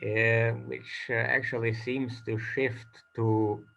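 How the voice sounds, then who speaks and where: A man giving an academic conference talk, pausing often with fillers between phrases. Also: mid-range voice, level tone, creaky, fairly bright tone. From Croatia. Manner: slow, hesitant, many uh fillers between phrases. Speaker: conference speaker, linguist. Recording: dull lo-fi recording.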